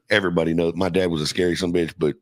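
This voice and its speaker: A man's voice: sits low, little pitch movement, fast talker, no echo. A middle-aged man casually telling a profane, laughing story from his youth as a podcast guest.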